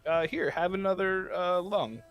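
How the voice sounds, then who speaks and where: A man's voice: unhurried, soft background music. A man co-hosting a morning radio show, reading gaming news as a jokey back-and-forth. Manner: playful, acts out silly back-and-forth with high squeaky replies. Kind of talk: casual comedic radio banter.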